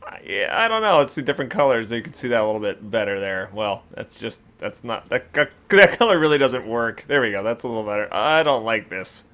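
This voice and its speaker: A man hosting a casual gaming video, reacting with animated exclamations and laughter. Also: mid-range voice, a little fast, hardly any pauses. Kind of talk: casual game commentary.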